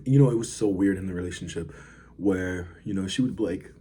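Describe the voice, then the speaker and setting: A vlogger talks casually to camera, reviewing food and telling a story in a laid-back, rambling way with plenty of fillers. His low, warm voice is brisk, and there's slight background noise.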